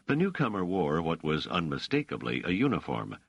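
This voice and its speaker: A man reading a novel aloud as scripted narration, in a measured storytelling manner. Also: deep voice, wildly swooping pitch, vocal fry, breathy edge, no room sound, lo-fi sound. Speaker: audiobook narrator.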